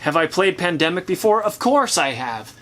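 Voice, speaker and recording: A man's voice: high voice, very animated, moderate pace, fairly bright tone. A man hosting a casual chat, giving opinionated, chatty takes while thinking aloud. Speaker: host. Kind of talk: casual chat reviewing board games.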